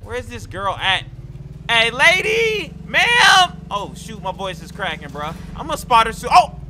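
A man giving excitable, slangy role-play game commentary who often breaks into shouts. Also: high-pitched, brisk, a little hiss or hum. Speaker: gaming YouTuber.

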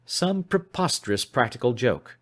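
A man voicing an obstinate, scornful older man who brushes off a threat with loud, blustering protests. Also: mid-range voice, big pitch swings, normal speed.

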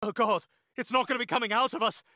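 A man's voice: very high-pitched, fast, sharp tone, dry recording, clean studio sound. An actor voicing a precocious, scheming infant boy in a cartoon, with prim, theatrical diction and overdramatic outbursts. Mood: disgusted. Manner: shrieks in disgust, overdramatic. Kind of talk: cartoon voice acting.

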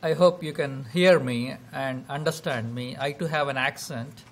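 A man with a South Indian accent opening a university lecture, animated and full of fillers like "you know". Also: medium pitch, moderate pace, a little hiss or hum. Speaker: guest lecturer. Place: lecture hall.

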